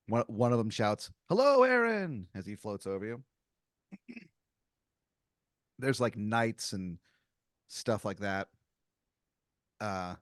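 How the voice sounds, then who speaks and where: A man's voice: lowish voice, smooth, no room sound, clean studio sound. A man hosting a comedy podcast, narrating an improvised story with lots of filler words. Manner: rambling, heavy on filler words. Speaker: improv game master.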